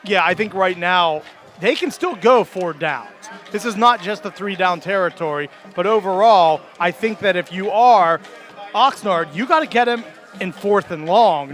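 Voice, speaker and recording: A man doing color commentary at a high school football game, breaking down formations with enthusiasm and easy chuckles. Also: a bit bright.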